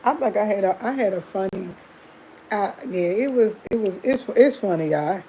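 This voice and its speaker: A woman's voice: mid-range voice, lively intonation, normal speed, warm tone, slight background noise, poor audio. A woman hosting a livestream, chatting candidly to her viewers and laughing often as she tells a personal story. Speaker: livestream host.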